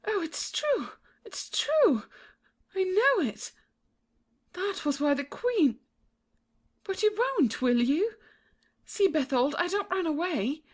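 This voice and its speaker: A woman's voice: high voice, animated, takes it slowly, long pauses, a little mellow. A woman voicing a young, trusting princess, earnest and pleading in a childlike way. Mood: frightened.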